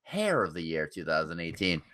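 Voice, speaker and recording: A man's voice: sits low, big pitch swings, a little fast, a bit bright. A man co-hosting a casual podcast chat, sarcastic and swearing freely. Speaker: podcast co-host.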